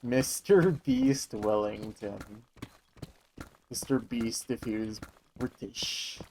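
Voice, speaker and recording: Young man, casual stream chatter, mid-pitched voice, jokey. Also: steady tone, slow pace, a little mellow, slight background noise, poor audio. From Michigan, USA. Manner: chatty, joking, answering chat. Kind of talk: casual live-stream chat.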